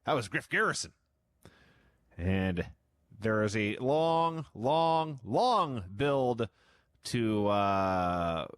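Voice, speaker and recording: A man's voice: mid-range voice, dry recording. A man co-hosting a podcast in casual chat, telling a show's events as a running recap. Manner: storytelling recap, amused. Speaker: podcast co-host.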